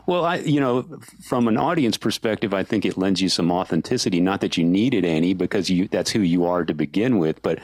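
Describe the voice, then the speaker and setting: A man's voice: deep voice, animated, a little mellow, dry recording. A man hosting a podcast, asking questions in a casual, enthusiastic way. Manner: enthusiastic, quick to laugh along. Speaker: podcast host.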